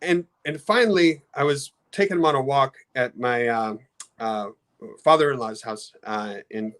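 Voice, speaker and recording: A middle-aged man talking casually on a podcast about customer service, halting often with restarts. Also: medium pitch, a bit bright. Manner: halting, many restarts, storytelling with acted quotes. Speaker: card company customer experience head. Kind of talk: casual podcast talk with slides.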